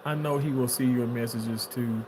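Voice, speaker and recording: Over background noise, a man talks casually on his livestream at normal speed in a mid-range voice, reading comments aloud and answering them with animated playfulness and frequent laughter.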